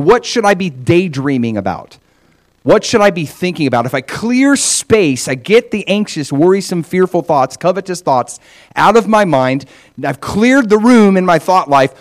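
A middle-aged man preaching a sermon, animated, often acting out voices in quotes. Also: on the high side. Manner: animated, acts out God's voice in quotes. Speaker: pastor.

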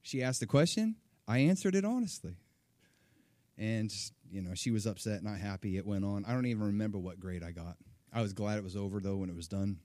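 A middle-aged man preaching, telling a personal story with animated, acted-out quotes. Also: fairly low pitch, brisk, dry recording. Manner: animated, acts out quoted voices. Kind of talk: sermon storytelling.

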